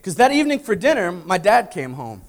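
A pastor delivers a sermon, telling a lively story and acting out family dialogue before putting direct questions to the congregation. His voice sits high and his pace is brisk.

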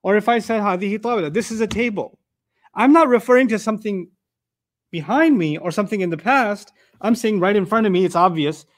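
High-voiced man lecturing on scripture. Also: a little fast. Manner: explanatory, uses rhetorical questions and examples, recites Arabic. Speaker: Quran teacher. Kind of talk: lecture on Quran verses.

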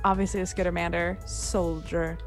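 A woman's voice: on the low side, flat delivery, normal speed, soft background music. A woman introducing her tabletop character in a playful, giggly way. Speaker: player. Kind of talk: casual chat.

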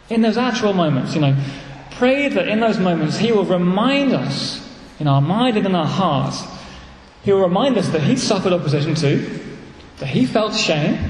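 Animated English preacher in an echoey church. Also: male voice, high-pitched, slight background noise. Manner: earnest, animated preaching with repeated phrases. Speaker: pastor. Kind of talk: sermon. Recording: echoey church hall, faint ambience.

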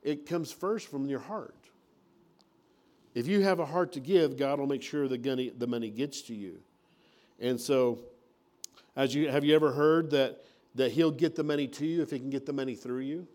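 A man's voice: mid-range voice, normal speed, a little mellow. A man preaching a sermon in a folksy, conversational way, acting out little everyday scenes. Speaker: pastor.

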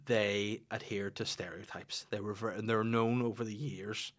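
A man co-hosting a podcast, firing off quick teasing jokes and laughing often. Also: fairly low pitch, steady tone. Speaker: podcast co-host. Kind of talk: casual comedic chat.

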